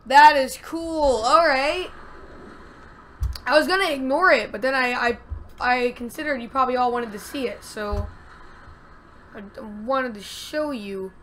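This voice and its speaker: A woman giving casual gameplay commentary, excitable and talking to herself, with loud frustrated outbursts. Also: high-pitched, measured pace, long pauses, a little hiss or hum. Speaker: let's play gamer.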